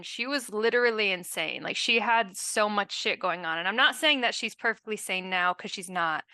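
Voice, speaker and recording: A woman's voice: mid-range voice, pushed and bright, smooth, no echo. A woman player chatting casually about her character, giggly and chatty. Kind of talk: casual chat.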